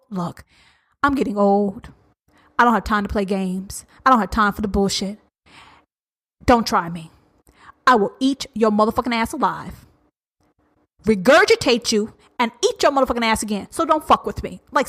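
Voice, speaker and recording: Blunt, foul-mouthed woman podcast host. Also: a little high. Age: 40s. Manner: blunt, profane and confrontational, swinging between loud and hushed. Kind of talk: uncensored solo podcast rant.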